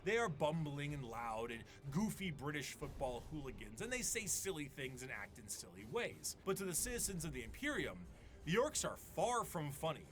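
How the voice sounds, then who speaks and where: A man's voice: fairly high pitch, very animated, normal speed, noisy background. A man reading a scripted video essay narration in a dry, explanatory way. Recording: narration over background music.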